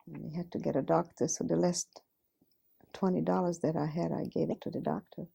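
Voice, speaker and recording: A woman's voice: on the low side, fairly even intonation, fairly quick, gravelly, warm tone, husky. A woman in her fifties from Hungary, telling her life story in a plain, direct way and often repeating "I says". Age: 50s. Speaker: Holocaust survivor giving testimony. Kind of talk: recounting personal testimony.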